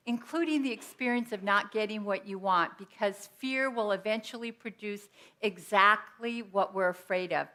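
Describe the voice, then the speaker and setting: A woman's voice: medium pitch, normal speed, sharp tone, slight background noise. A woman giving an inspirational sermon at a Sunday church service, speaking conversationally and telling personal stories. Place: church sanctuary.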